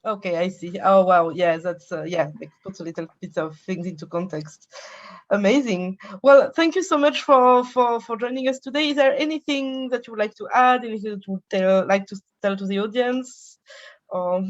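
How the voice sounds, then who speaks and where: A woman hosting an author interview, friendly and halting, often repeating words. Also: medium pitch, lo-fi sound. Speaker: host. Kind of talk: casual interview wrap-up.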